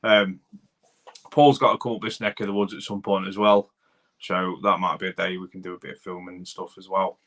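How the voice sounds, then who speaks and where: Brief: Doncaster-accented male streamer, thirties, rambling and matey, slightly low voice with a bright edge. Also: level tone, fairly quick. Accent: Doncaster, South Yorkshire. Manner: rambling, chatty, addresses viewers as buddy and mate. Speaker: livestream host, car mechanic. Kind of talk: casual livestream chat reading comments.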